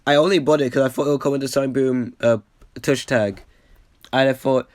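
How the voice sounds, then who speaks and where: A young man casually rambling over an old video, packed with "like" fillers and the odd swear, getting excited and then trailing off. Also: medium pitch, a little fast, dry recording. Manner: excitable bursts, trails off with a quiet "yeah". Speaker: reaction video host.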